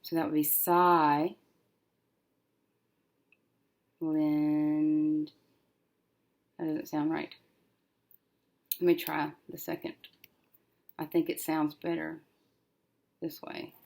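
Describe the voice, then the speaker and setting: A woman teacher working through a syllable-division lesson, thinking aloud and slowly sounding out each syllable as she writes. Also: sits low, level tone, gravelly, warm tone. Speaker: reading teacher.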